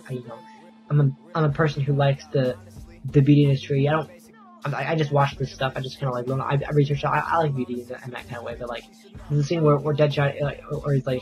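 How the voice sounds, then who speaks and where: A man's voice: mid-range voice, low-quality recording. A man giving a casual, enthusiastic movie review in a rambling, stop-start way.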